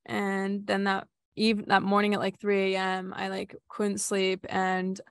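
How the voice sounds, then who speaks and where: A woman's voice: mid-range voice, completely flat delivery, a little slow, no echo. A young woman who leads retreats, telling a personal story in a candid, casual way, full of "like" and casual swearing. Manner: candid, filler-heavy with frequent "like", swears casually. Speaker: retreat facilitator.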